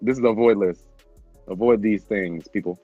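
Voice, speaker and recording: A man's voice: fairly low pitch, moderate pace, mellow, dry recording, lo-fi sound, faint music behind. A man in casual chat with friends, laughing often as he reads out food lists from a book.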